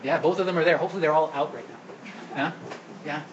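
Priest giving a homily in church, slightly high voice, keeps quizzing the pews, faint room noise behind. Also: male voice, fast, muffled recording. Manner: asks the congregation questions and coaxes answers. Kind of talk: sermon at Mass. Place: church during Mass.

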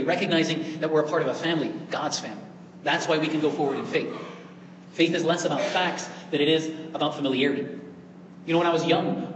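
A man's voice: fairly high pitch, background noise. Earnest preacher man in an echoey church. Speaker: priest. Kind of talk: sermon.

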